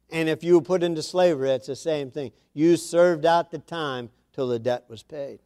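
A man's voice: fairly high pitch, mellow, dry recording, studio quality. A man preaching a sermon, reading scripture aloud and pressing his points with repeated phrases and questions to the congregation. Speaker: pastor.

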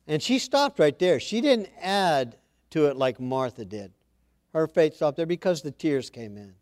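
Man, preacher, fairly high voice, chatty scripture commentary, dry sound. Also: expressive, measured pace, a little mellow, smooth, dry recording. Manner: reads scripture then comments conversationally, with asides and restarts. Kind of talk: informal Bible-study sermon.

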